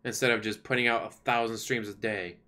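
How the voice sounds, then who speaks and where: A man's voice: lowish voice, steady tone, brisk, pushed and bright. A man hosting a livestream, chatting casually and sarcastically while complaining. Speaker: livestream host. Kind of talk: casual rambling chat.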